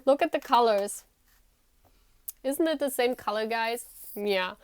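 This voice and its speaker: A woman's voice: a little high, expressive, measured pace, clear, resonant tone, dry recording, studio quality. Chatty, giggly woman giving a tarot reading. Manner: talks directly to the viewer, repeating "you know". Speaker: tarot reader. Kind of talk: casual tarot reading to camera.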